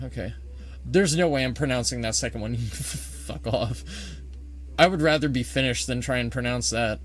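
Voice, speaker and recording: A man's voice: medium pitch, moderate pace. A man giving casual, joking let's-play commentary, swearing freely and reading in-game text aloud. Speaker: gaming video creator.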